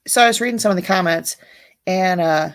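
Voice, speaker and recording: Low, gravelly woman chatting on a livestream. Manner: blunt and profane, chatty, laughs often. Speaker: livestream host. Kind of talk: casual livestream chat reading viewer comments.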